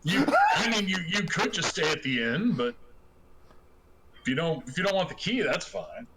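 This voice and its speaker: A man's voice: high-pitched, sing-song, normal speed, gravelly, bright, forceful tone, pitched above the performer's own voice, full character voice, poor audio. Man playing a friendly folksy country fellow. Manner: folksy, hesitant. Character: friendly rustic man, grateful and easygoing.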